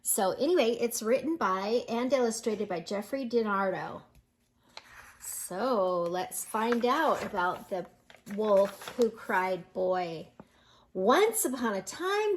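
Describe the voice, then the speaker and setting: An older woman reading a children's picture book aloud in a gentle, slow manner, pointing out the pictures. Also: medium pitch, expressive, a little hiss or hum.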